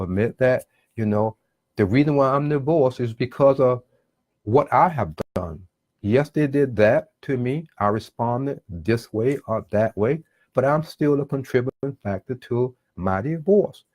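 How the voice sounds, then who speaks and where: A man's voice: medium pitch, a little mellow, no room sound. Earnest male preacher, dry sound. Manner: earnest, repetitive, acts out quoted dialogue. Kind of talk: sermon on relationships.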